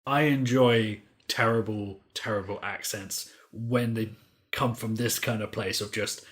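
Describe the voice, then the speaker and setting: A man's voice: lowish voice, fairly even intonation, unhurried, fairly bright tone. A man co-hosting a podcast, giving opinions on a cartoon in casual chat, often laughing and swearing. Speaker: podcast co-host. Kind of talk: casual chat reviewing an episode.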